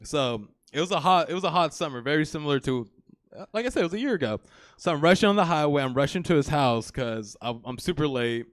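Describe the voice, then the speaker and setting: A man's voice: fairly high pitch, animated, quick pace, dry recording, studio quality. A young man in his twenties doing a live stand-up set on a comedy theater stage, rambling and crude, with plenty of "you know" and "like".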